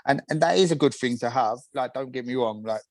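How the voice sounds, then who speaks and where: Young man, interview guest, candid and halting, middle pitch, dry mic. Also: no room sound, low-quality recording. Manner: open, halting, repeats himself. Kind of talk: casual interview chat.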